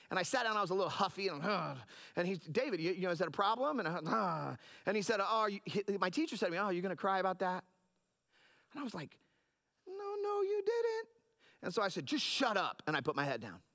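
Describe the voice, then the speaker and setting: Man, pastor, middle-aged, sermon, earnest storyteller, high-pitched, bright tone. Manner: earnest, storytelling with many restarts.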